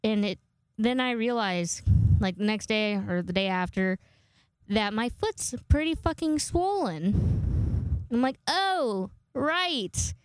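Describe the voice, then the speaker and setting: A woman in her twenties hosts a casual podcast monologue, rambling and swearing freely. Her voice is smooth and clear. It sits close and dry on the microphone. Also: medium pitch, expressive, slow, a little mellow, no echo. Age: 20s. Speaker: podcast host.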